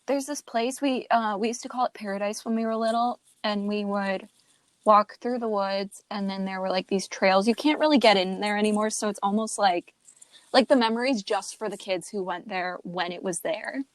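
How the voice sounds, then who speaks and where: A woman's voice: medium pitch, normal speed, no echo. Easygoing young woman, dry close sound. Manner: easygoing, self-deprecating, storytelling. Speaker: podcast co-host. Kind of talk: casual chat.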